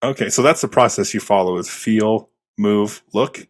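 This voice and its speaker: A man's voice: on the low side, moderate pace. A male podcast host who sums up and affirms his guest's points, thinking aloud in a casual way. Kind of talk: casual interview chat.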